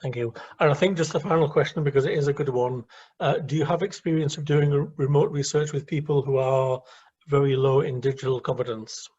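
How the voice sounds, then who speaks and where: A man hosting an online meetup, polite and measured as he moderates. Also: mid-range voice, fairly even intonation, darkish tone, breathy edge, dull audio. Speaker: event host.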